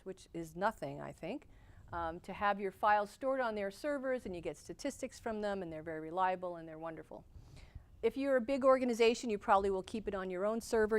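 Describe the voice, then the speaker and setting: A woman instructor gives a lecture to her class, speaking at an ordinary mid pitch. Her delivery is cheerful and animated, like someone who moves back and forth and gestures while she explains. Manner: animated, talks with her hands, moves around. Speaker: podcasting instructor.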